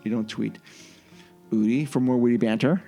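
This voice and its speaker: A man's voice: medium pitch, moderate pace, gravelly, mellow, soft background music. A man hosting a podcast, chatting casually in an easygoing, rambling way as he wraps up the show. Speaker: podcast host.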